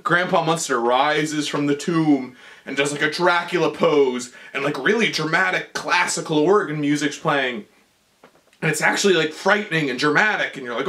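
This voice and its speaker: A drunk young man tells a film's plot in a comedy bit, his voice high-set and bright. He stumbles, restarts and giggles as he goes. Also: moderate pace. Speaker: comedy performer. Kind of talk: comedic drunk recap of a movie.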